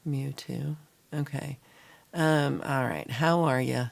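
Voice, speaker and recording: A woman's voice: low-pitched, expressive, measured pace, vocal fry, darkish tone. A woman hosting a casual livestream chat, rambling and reading viewer comments aloud, a little tired and sluggish. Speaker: livestream host.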